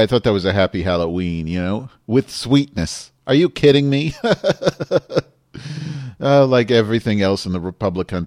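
A man's voice: low voice, a little mellow, no echo, clean studio sound. A man ranting furiously about politics in a profane, rambling way, often correcting himself mid-sentence. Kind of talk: angry profane political rant.

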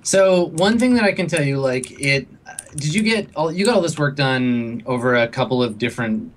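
Game master, man, hesitant, filler-heavy narration, mid pitch. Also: animated, moderate pace.

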